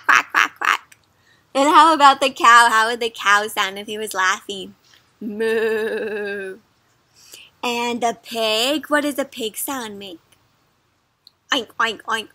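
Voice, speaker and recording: A woman with a high, bright voice reads a storybook aloud for young kids. She speaks gently and stops to ask the listener questions. The sound is close and dry. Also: dry recording. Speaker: children's storybook reader. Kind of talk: interactive read-aloud for kids.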